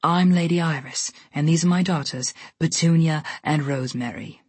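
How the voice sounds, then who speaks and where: A woman's voice: low voice, moderate pace, darkish tone, husky, no room sound. A woman narrator voicing a frail older woman, a faded wicked stepmother who speaks cordially.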